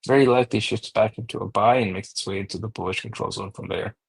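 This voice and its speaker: A man walking through stock charts aloud, steady and number-heavy, thinking out loud as he goes. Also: fairly low pitch, fast, gravelly, breathy edge, dry recording, rough recording. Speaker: market analyst host. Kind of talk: technical chart analysis.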